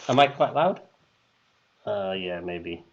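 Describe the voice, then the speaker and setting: A man hosts a live quiz stream in a relaxed, unhurried way, hesitating often and filling gaps with ums. He slips between English and German as he goes. The stream sound is dull and lo-fi. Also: low-pitched, gravelly, slight background noise. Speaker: quiz host.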